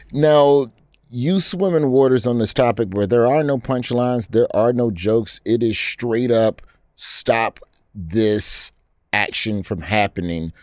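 A man's voice: mid-range voice, takes it slowly, darkish tone, no echo, clean studio sound. A man hosting a comedy podcast, joking in a mock-indignant, playful way before asking his guest questions. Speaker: host.

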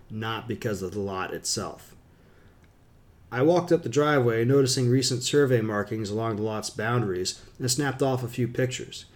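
Male narrator for a first-person thriller audiobook, steady and wry. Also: mid-range voice.

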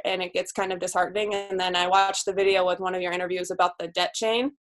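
A woman's voice: lowish voice, level tone, crowd noise. A woman in her twenties, a new physical therapist, talking candidly in a casual podcast interview. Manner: candid, chatty, quick laughs.

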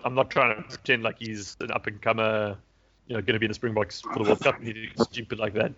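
A man's voice: on the low side, a bit bright. A man hosting a casual chat, rambling with many fillers and restarts. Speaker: podcast host previewing rugby. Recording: dull lo-fi recording.

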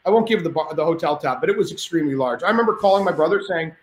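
A man spins a loud anecdote with a lot of swearing and tangents. His voice sits a bit high. The sound is roomy and echoey, as if recorded in a cottage. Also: rapid-fire, slight background noise. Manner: lively, profane, rambling anecdotes. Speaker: podcast guest. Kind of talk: animated storytelling.

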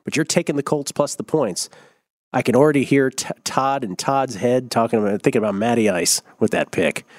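A man's voice: mid-range voice, brisk, dry recording, studio quality. A man hosting a sports betting show, upbeat and teasing, laughing often with his co-hosts. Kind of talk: casual sports betting chat.

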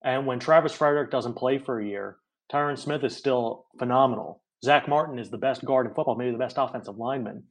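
A man talks through football ratings on a podcast. His talk is casual and comes in quick bursts, and he often checks in with "right?". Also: medium pitch. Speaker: guest ratings analyst.

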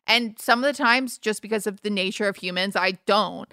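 A woman's voice: medium pitch, brisk, bright, forceful tone, smooth, no room sound, clean studio sound. A young woman co-hosting a casual chat, upbeat and chatty, laughing easily. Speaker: podcast co-host.

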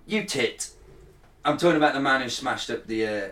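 A man's voice: mid-range voice, quick pace, fairly bright tone, far from the mic. A British-born man co-hosting a chatty podcast, blunt and sarcastic, swearing freely as he argues his point. His voice sits in a roomy, echoey space and comes from a little way off the mic. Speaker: podcast co-host. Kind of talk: casual banter.

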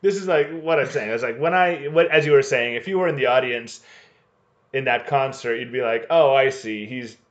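A man's voice: mid-range voice, dull audio. A man co-hosting a podcast, joking and punning as he casually recaps a TV episode. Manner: jokey, punning, quick to agree. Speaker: podcast co-host.

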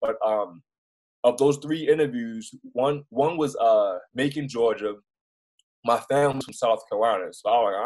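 Young man with a Baltimore accent, husky and mid-pitched, telling stories casually with many restarts. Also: normal speed, rough recording. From Baltimore, United States. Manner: rambling, animated storyteller with many restarts and fillers. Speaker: news reporter, interview guest. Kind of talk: casual storytelling in an interview.

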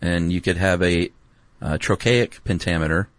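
A man's voice: low voice, moderate pace, no echo. A man co-hosting a podcast, chatting casually and playfully, keen on the details of the topic. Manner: enthusiastic about details, playful asides. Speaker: podcast co-host. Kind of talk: casual explanatory chat.

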